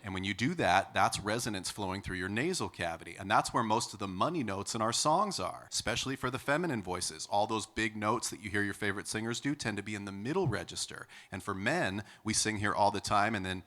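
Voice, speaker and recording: Upbeat male vocal coach with a bright voice. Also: lowish voice, expressive, a little fast, few pauses. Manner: upbeat, explanatory, often asks "okay?". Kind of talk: singing lesson with sung demonstrations.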